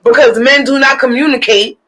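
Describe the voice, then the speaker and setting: Blunt, bright-voiced woman guest. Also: sits high, steady tone, a little fast, rough recording. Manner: blunt, emphatic opinions. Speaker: podcast guest. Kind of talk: casual chat.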